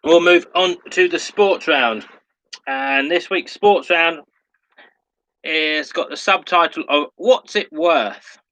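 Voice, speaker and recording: A quiz host with a bright, forceful, rather high voice reads his questions at an unhurried, careful pace. He repeats every question so players can keep up, and pokes fun at himself when a word trips him up. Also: poor audio. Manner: slow, deliberate, repeats each question; self-mocking when tongue-tied. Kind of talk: reading out pub quiz questions.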